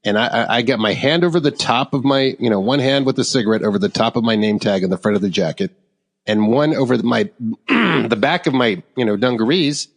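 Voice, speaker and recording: A middle-aged man co-hosting a podcast, telling a story in a rambling, animated way and laughing along with it. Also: mid-range voice, fairly quick, creaky. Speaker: podcast co-host. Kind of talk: casual storytelling. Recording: long hall reverb.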